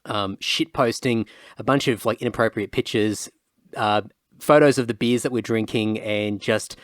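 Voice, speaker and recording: A man's voice: on the low side, normal speed, dry recording, studio quality. An Australian man hosting a podcast, talking in a rambling, conversational way with many fillers. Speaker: podcast host. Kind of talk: casual chat.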